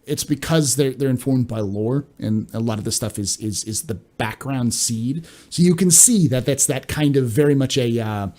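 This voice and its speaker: Chatty male streamer, halting speech. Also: medium pitch, mellow. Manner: halting, repeats words, chatty. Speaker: live-stream host. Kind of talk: casual live-stream chat.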